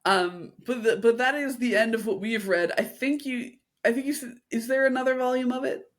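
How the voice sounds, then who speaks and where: A woman's voice: on the high side, moderate pace. A woman co-hosting a podcast in casual chat, upbeat and agreeable, steering the talk. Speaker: podcast co-host.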